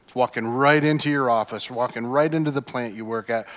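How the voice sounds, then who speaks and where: A man preaching a sermon as a pastor, emphatic, with repeated refrains that swing from hushed to loud. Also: mid-range voice, fairly quick. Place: church sanctuary. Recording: long hall reverb.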